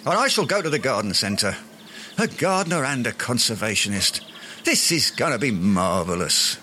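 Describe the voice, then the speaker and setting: A man's voice: medium pitch, big pitch swings, moderate pace, background noise, close to an everyday voice. A man doing a pompous, grandiloquent Englishman. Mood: indignant. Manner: grandiloquent, long-winded, flowery words. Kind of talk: radio sitcom acting.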